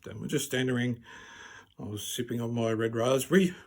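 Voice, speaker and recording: A man with a raspy voice, telling wry, self-deprecating stand-up stories. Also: mid-range voice, brisk. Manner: wry and self-deprecating, laughs at his own jokes. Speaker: stand-up comedian. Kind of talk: stand-up storytelling.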